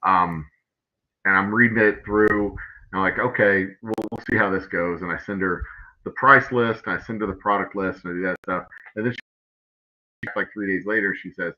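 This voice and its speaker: A very low-voiced man with a drawl spins a meandering, profane story for his livestream chat. He keeps restarting sentences and dropping "uh" and "you know". The audio is dull and lo-fi. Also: fairly even intonation, moderate pace, sharp tone. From Texas. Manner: rambling, profane, many fillers and restarts. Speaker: distillery owner hosting a livestream.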